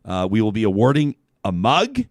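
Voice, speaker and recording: A man's voice: on the low side, moderate pace, dry recording, studio quality. A man hosting a talk show, chatting casually and reading out a listener's email. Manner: animated, reads quotes in a raised voice.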